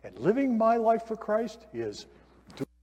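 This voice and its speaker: A man preaching a sermon in a church, conversational and animated, asking the listeners questions. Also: sits high, unhurried, breathy edge, dull audio. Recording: long hall reverb.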